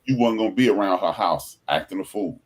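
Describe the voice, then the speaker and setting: A man hosting a podcast in casual chat, telling stories in an animated way and acting out the people he quotes. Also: sits low, brisk. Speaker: podcast host.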